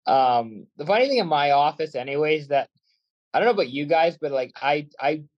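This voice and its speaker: A man's voice: on the high side, expressive, brisk, lo-fi sound. A man from Canada, a guest on a sports podcast, chatting casually in a rambling, self-aware way.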